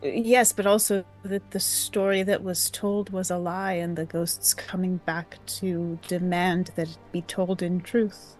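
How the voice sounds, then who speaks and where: A woman's voice: lowish voice, flat delivery, measured pace, hardly any pauses, faint music behind. A woman playing a tabletop game in character, speaking in a thoughtful, hesitant way. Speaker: player.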